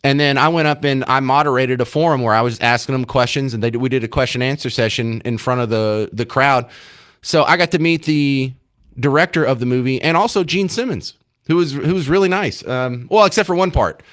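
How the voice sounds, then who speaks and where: A man's voice: medium pitch, brisk, a bit bright. A man hosts a casual talk radio show, rambling along with a self-mocking streak. His mid-range voice sits in a dry, close studio sound with no room echo.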